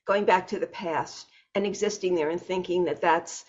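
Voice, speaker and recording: A woman hosting an interview, talking in an animated, emphatic way. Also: on the low side, moderate pace. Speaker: host. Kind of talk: conversational interview. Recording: dull lo-fi recording.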